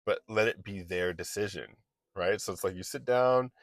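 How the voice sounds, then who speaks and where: Guy with a lowish voice doing a loose motivational chat, restarts a lot, dry close sound. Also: moderate pace, no room sound. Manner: loose and chatty, restarts a lot, acts out little quoted exchanges. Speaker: online business coach. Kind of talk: casual motivational talk.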